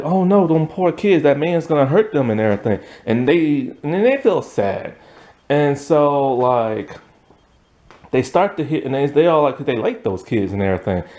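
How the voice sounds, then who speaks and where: A man casually recapping a TV episode, rambling with fillers and laughing now and then. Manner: lively pitch, acts out quotes. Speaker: show reviewer.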